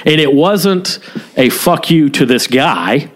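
A man's voice: fairly high pitch, lively intonation, takes it slowly. Profane, candid man telling a story. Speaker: podcast co-host, former police officer. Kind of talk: casual storytelling podcast chat.

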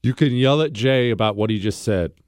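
A man in his forties hosting a radio talk show, telling a story with lively, mock-outraged quotes and then taking calls. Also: mid-range voice, fairly quick, dry recording.

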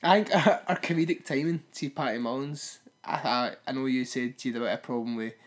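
A man's voice: mid-range voice, fairly even intonation, quick pace. Man, podcast co-host, casual film chat, wry, blunt.

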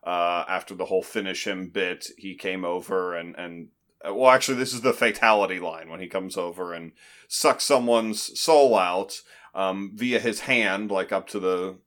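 A man in casual movie-review chat, talking in halting restarts with dry humor. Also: deep voice, steady tone, fairly bright tone. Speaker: podcast co-host.

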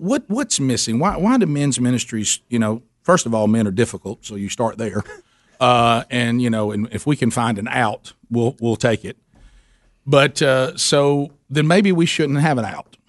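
A man's voice: medium pitch, no echo, clean studio sound. A middle-aged man, telling a story in a casual interview, self-deprecating and often repeating himself. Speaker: guest talking about his men's ministry.

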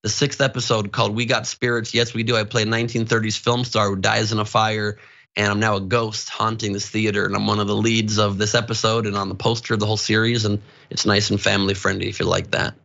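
A comedian co-host chats in a rambling, self-deprecating way. His voice is bright and forward. The audio is dull and lo-fi. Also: lowish voice, level tone, quick pace, vocal fry. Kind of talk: casual chat.

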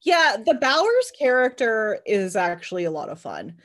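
A woman co-hosting a podcast, chatting casually about a film and retelling scenes in an animated way. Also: fairly high pitch, moderate pace. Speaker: podcast co-host. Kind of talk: casual movie discussion.

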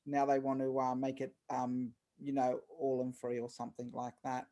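A woman's voice: extremely low pitch, level tone, moderate pace, mellow. A woman with an Australian accent, a podcast guest calling in from home, cheerful and giggly, with many ums as she talks. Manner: cheerful, giggly, hesitant with fillers. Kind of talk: casual interview chat. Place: home in Sydney.

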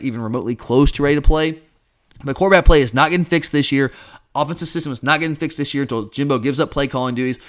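A man hosting a casual sports podcast, chatty and animated, often calling his listeners guys. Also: medium pitch.

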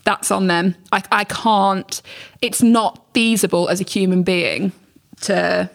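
A woman's voice: mid-range voice, fairly even intonation, slow pace, creaky. Woman, podcast guest, candid and emphatic, rambling delivery. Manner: rambling, emphatic, swears freely, mimics voices in anecdotes.

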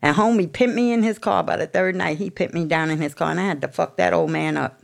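A woman's voice: lowish voice, fast, vocal fry. A woman with a New York accent telling her recovery story candidly, in a blunt, profane, street-tough way. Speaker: speaker sharing a recovery story.

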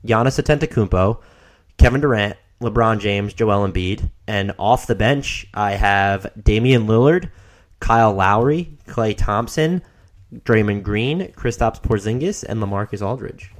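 Low-voiced man, animated podcast co-host. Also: a little slow. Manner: animated, restarts sentences, rising emphasis. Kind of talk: casual podcast chat.

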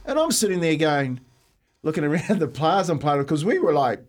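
A man with a New Zealand accent, co-hosting a breakfast radio show, telling animated stories and acting out what people said. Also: a little high, a little fast. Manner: animated storyteller acting out quotes, laughs often. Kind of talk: casual storytelling chat.

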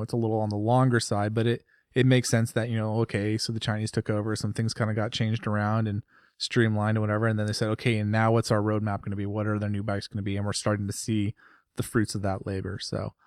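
A man's voice: lowish voice, little pitch movement, quick pace, a little mellow, no room sound, clean studio sound. A man co-hosting a motorcycle podcast in casual, rambling chat. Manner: rambling, chatty, laughs often. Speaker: podcast co-host.

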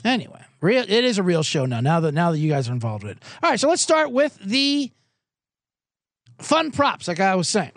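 A man hosts a live betting show, his pitch swinging widely as he rambles. He talks loosely and swears freely while reading out viewer comments. The sound is dry and close, with no room around it. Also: huge pitch swings, moderate pace, a bit bright, no room sound. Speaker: sports betting show host. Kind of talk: casual live-stream betting talk.

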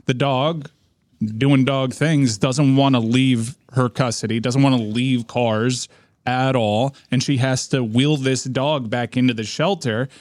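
A man co-hosting a radio show who tells a rambling story with halting restarts. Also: mid-range voice, fairly even intonation, darkish tone, no echo. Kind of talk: casual talk-show chat. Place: radio studio.

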